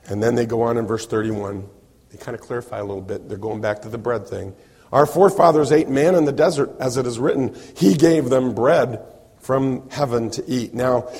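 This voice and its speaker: A man's voice: medium pitch, breathy edge, long reverb tail. A man preaching a sermon as a pastor, explaining a passage and acting out the voices he quotes. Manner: animated, acts out quoted voices.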